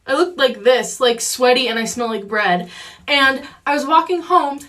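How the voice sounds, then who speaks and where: A young woman with a high, bright voice rambles through a casual storytime. She fills it with "like" and restarts her sentences. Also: normal speed. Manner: rambling, filler-heavy.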